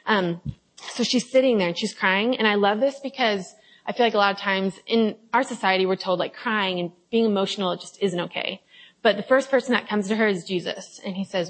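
A young adult woman with a medium-pitched voice leads a casual devotional talk as a Bible study leader, heard on a low-quality recording. She reads scripture, then chats confessionally, filling her speech with fillers and acting out quotes.

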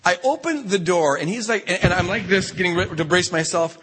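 A man's voice: sits high, brisk, a bit bright, slightly rough. A man speaking at a retreat, telling a funny story with lots of stammered restarts. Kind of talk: humorous storytelling talk. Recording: long hall reverb.

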